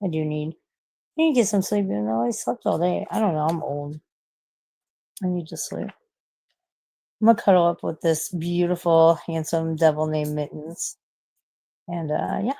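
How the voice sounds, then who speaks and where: A woman's voice: lowish voice, normal speed, gravelly, pauses often, mellow. A woman in her forties chatting casually on a late-night live stream, rambling, swearing a lot and laughing at herself. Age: 40s.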